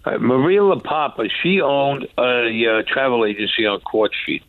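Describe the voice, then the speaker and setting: New guy telling a story rough and blunt, sounds like a phone call, super dry. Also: medium pitch, animated, moderate pace, dry recording. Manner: acts out quotes, blunt and profane. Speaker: former mob enforcer guest. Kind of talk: animated storytelling. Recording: dry tinny phone-like line.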